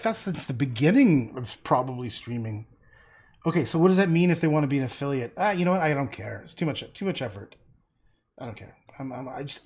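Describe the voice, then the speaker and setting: A man's voice: medium pitch, a little mellow, husky. Rambling man livestreaming his painting. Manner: rambling, talks to himself while painting. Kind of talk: casual livestream chat while painting.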